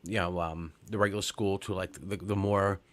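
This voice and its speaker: A man's voice: sits low, fairly even intonation, normal speed, fairly bright tone. A man in his forties from Long Island, telling a rambling, profane story on a comedy podcast, full of fillers and restarts. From Long Island, New York. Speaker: podcast co-host.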